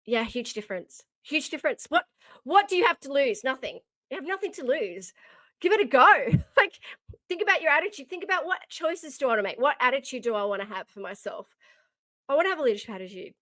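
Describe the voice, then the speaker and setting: A woman's voice: high-pitched, sing-song, brisk, a bit bright, dry recording. A middle-aged woman hosting a motivational leadership podcast, talking in a heartfelt, emphatic way and repeating her key phrases. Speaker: leadership coach and podcast host.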